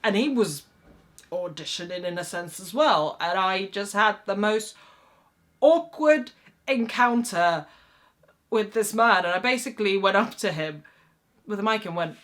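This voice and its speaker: A woman actress tells her audition stories to camera in a wry, self-mocking way. Her voice is bright and her pitch moves in lively swoops. She keeps an unhurried pace. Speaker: actress vlogger. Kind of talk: casual storytelling to camera.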